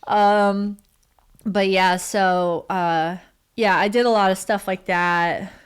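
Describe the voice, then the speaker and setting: A woman's voice: mid-range voice, fairly even intonation, takes it slowly, smooth. A woman in her thirties, a podcast guest talking casually with many fillers and frequent laughs. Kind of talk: casual interview chat.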